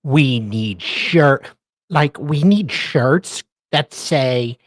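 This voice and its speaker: A sarcastic co-host talks slowly and drily on a casual stream. The voice sits at a middle pitch and sometimes bursts into exasperated rants, with a close, dry sound. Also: dry recording. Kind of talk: casual live-stream chat.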